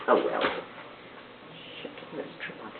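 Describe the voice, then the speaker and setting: A woman chatters to a webcam propped on a glass in her messy bedroom, jumping from one random thought to the next and cursing freely. The sound is thin and phone-like, with a steady hiss and an echoey room around her. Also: moderate pace. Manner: distracted, random, swears a lot. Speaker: first-time vlogger. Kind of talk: rambling casual webcam talk. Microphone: camera propped on a glass on a fan. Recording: tinny, noisy, echoey home webcam.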